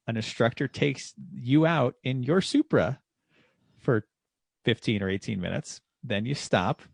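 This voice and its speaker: A man co-hosting a racing podcast, telling stories casually and getting animated when he quotes people. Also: medium pitch, creaky, husky, no echo, clean studio sound. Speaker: podcast co-host and driving instructor. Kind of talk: casual chat.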